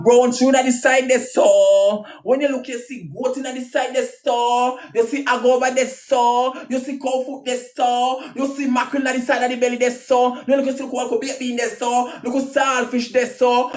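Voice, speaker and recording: A Jamaican woman ranting crudely on a live video, trading loud insults and singsong taunts. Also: a little high. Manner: loud crude cussing, sing-song taunts. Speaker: social media personality. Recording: roomy echo.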